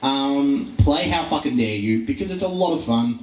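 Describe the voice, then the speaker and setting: A man's voice: mid-range voice, lively intonation, moderate pace. A young man doing a live stand-up set, rambling and self-deprecating with lots of fillers and restarts. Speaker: stand-up comedian. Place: live comedy venue. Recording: roomy live venue recording from far off.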